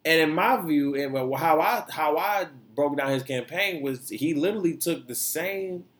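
A man hosting a podcast, ranting in casual opinion chat with profane, emphatic energy. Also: medium pitch. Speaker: podcast host.

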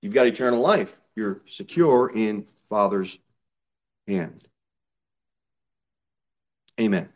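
A man preaching a sermon in a church, reading scripture aloud and building to emphatic, loud, high peaks. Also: animated, takes it slowly, long pauses. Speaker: pastor. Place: church sanctuary. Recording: slightly dull church recording.

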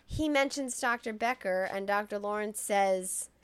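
A woman's voice: medium pitch, a little slow, clear, resonant tone. A woman casually retelling a film plot on a podcast, acting out the characters' lines as she goes. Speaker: podcast co-host recapping a film. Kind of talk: casual chat.

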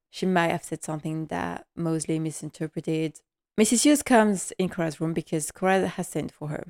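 A woman's voice: lowish voice, vocal fry, clear, resonant tone. A woman hosting a casual episode recap, enthusiastic, laughing often and using many fillers. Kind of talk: casual chat.

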